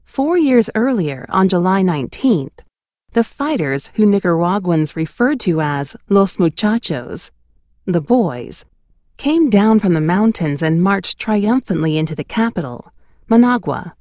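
A woman narrating her memoir in an expressive, storytelling cadence on a close studio mic. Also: lowish voice, unhurried, no room sound.

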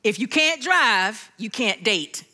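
A middle-aged woman delivers a sermon through a family story, acting out each voice as she goes. Her voice sits high and bright, and it swoops freely from line to line. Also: lively intonation, slow pace. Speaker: preacher.

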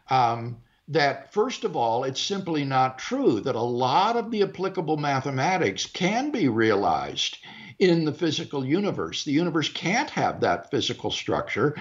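A man answering as the guest in an interview, explaining his view in a careful, measured, lecturing way. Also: a little high, lo-fi sound. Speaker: guest philosopher. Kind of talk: interview discussion.

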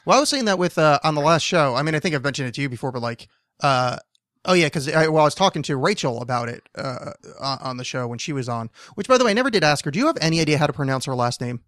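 A man's voice: on the high side, lively intonation, fast, a bit bright, dry recording, clean studio sound. A man in his thirties from New Jersey, hosting a casual podcast chat; he rambles, swears freely, laughs often and is losing his voice. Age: 30s. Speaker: podcast host.

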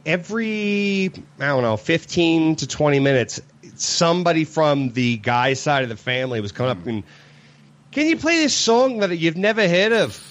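A man's voice: mid-range voice, a bit bright, dull audio. A man co-hosting a podcast in casual chat, telling stories animatedly and acting out quoted dialogue. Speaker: podcast co-host.

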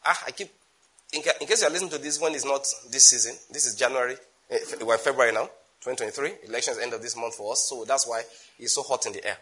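A fast-talking man with a Nigerian accent and a medium-pitched voice preaches emphatically, breaking into sudden loud bursts and slipping in asides in Nigerian Pidgin.

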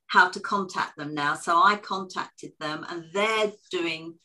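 A woman's voice: lowish voice, unhurried, sharp tone. A woman co-hosting a podcast, chatting casually and telling a family story with fillers and restarts. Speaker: podcast co-host. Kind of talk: casual interview chat.

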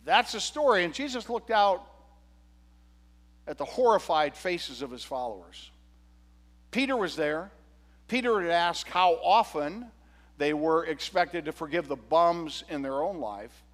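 A male pastor preaching a sermon, retelling a parable with animated, humorous storytelling. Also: on the high side, unhurried, big-room sound.

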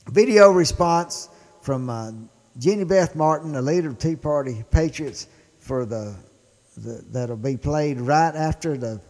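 A man's voice: fairly high pitch, a little mellow, big-room sound. A man with a Mississippi accent hosting a show and talking politics with emphatic enthusiasm. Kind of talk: political commentary.

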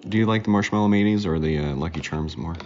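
A man in his thirties hosts a homemade podcast, joking and teasing his kid in relaxed chat. His voice sits fairly low, and the home recording sounds dull and lo-fi. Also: fast talker, slight background noise. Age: 30s. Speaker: podcast host and dad. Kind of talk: casual chat with his young daughter.

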